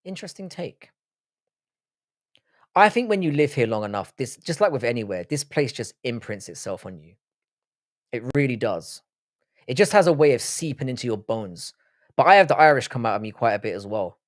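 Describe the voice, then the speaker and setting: Speaking at a normal speed with lively intonation and frequent pauses, a British man with a London accent chats with his livestream viewers. His banter is loose and sweary, and he repeats words to illustrate how he says them; the audio is studio quality with no echo.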